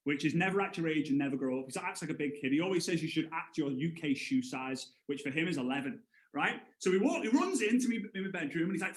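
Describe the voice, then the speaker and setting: A network marketing trainer in his thirties runs a live motivational sales session in an echoey room. His voice is high and energetic, and he talks fast. He tells stories with gusto, acting out characters' voices with big leaps in pitch.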